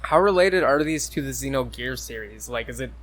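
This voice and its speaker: A man co-hosting a casual gaming podcast, asking curious questions and backing them with quick agreement. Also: medium pitch, expressive, fairly bright tone. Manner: curious, asks questions with short agreeing replies. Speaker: podcast co-host.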